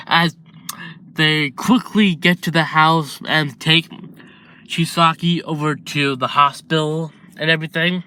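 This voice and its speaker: A man narrating an improvised fan story, halting and restarting often as he goes. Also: fairly high pitch, steady tone, bright, forceful tone, slight background noise.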